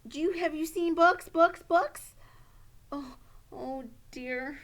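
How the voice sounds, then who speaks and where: A woman's voice: high voice, slow, fairly bright tone, full character voice. A woman voicing a timid, flustered young schoolboy puppet in a children's puppet show, stammering and hesitant. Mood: worried.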